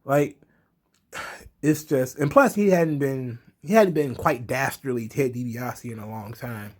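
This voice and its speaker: A man giving a casual recap of a wrestling show, excitable, chuckling, swearing freely. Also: medium pitch, a little slow.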